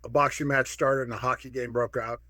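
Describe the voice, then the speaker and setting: A man in his sixties, from Minnesota, telling lively stories as a podcast guest and acting out the dialogue in them. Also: mid-range voice, a little fast, no room sound. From Minnesota, USA. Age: 60s. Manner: lively anecdotal, acts out quoted dialogue. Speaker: guest, martial arts pioneer. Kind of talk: casual storytelling.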